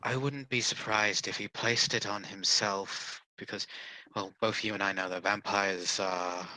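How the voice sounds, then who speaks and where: Bright-voiced man reasoning through a game. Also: on the low side, steady tone, no echo, low-quality recording. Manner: measured, reasoning aloud. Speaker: tabletop game player. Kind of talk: casual game chat.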